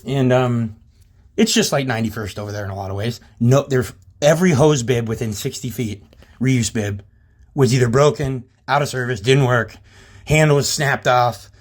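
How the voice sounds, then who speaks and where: A man recounting a workplace run-in in a loose, rambling way, cursing often and sounding indignant. His voice sits at an ordinary middle pitch, and he talks directly to the people listening. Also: moderate pace. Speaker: channel host recounting a workplace incident. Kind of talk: casual storytelling to camera.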